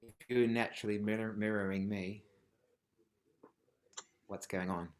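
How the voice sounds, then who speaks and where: A man teaching a live online rhythm workshop, chanting rhythmic words and dropping from loud calls to whispers. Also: lowish voice, steady tone, a little slow. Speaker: music teacher. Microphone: video call.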